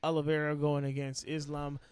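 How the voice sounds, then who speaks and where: A man co-hosting a casual sports podcast, insistent and loud when arguing, swearing freely. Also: a little high, completely flat delivery, moderate pace. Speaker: podcast co-host.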